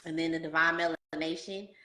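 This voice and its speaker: A woman hosting a casual podcast interview, telling stories in an animated, slangy way and talking to listeners as "y'all". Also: sits low, fairly quick, reverberant. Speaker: podcast host.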